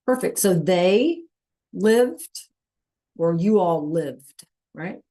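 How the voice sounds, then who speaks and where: A woman's voice: on the low side, animated, extremely slow, warm tone. A woman teaching a Spanish class over a video call, often checking in with "right?" and "okay?". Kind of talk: online class lesson.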